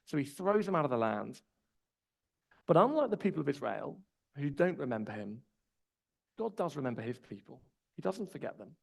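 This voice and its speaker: A man's voice: on the high side, normal speed, vocal fry, long pauses, breathy edge, rough recording. A man, preaching a conversational sermon with personal stories. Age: 20s. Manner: relaxed storytelling, personal anecdotes.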